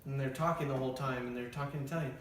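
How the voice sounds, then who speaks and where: A man's voice: medium pitch, rapid-fire. A young man chatting eagerly about movies in a casual roundtable review. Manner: enthusiastic, animated. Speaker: film reviewer. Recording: echoey room, distant mic, faint hiss.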